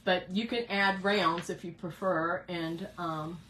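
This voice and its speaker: A woman's voice: fairly low pitch, steady tone, takes it slowly, bright, forceful tone, a little hiss or hum, poor audio. A middle-aged woman hosts a live craft painting demo from her home craft room. She chats with viewers by name and thinks aloud as she works. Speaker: craft host.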